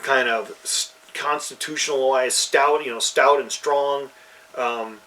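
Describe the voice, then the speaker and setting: Co-host: man of mid pitch, loose and rambling, sits a little back from the mic. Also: steady tone, a little slow, pushed and bright, far from the mic, rough recording. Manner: rambling, many fillers and restarts. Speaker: podcast co-host. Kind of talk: casual chat about fantasy games.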